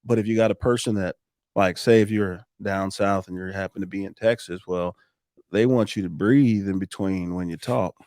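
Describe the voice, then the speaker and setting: A man guesting on a podcast, talking in a lively coaching way with frequent restarts and laughs. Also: deep voice, moderate pace, no echo, studio quality. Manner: animated, coaching tone, laughs often, restarts sentences. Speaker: podcast guest, roofing business owner. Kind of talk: casual podcast chat.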